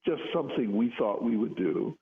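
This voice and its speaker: A man's voice: medium pitch, lively intonation, moderate pace, creaky. An older man in radio chat, speaking earnestly and often restarting his sentences. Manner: earnest, repeats words when starting sentences. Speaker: psychologist guest. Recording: tinny phone-like line.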